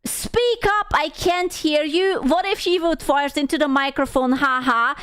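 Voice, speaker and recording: A woman's voice: high-pitched, measured pace, a bit bright. A woman streamer putting on the voice of a whiny clueless stream chatter, mocking him.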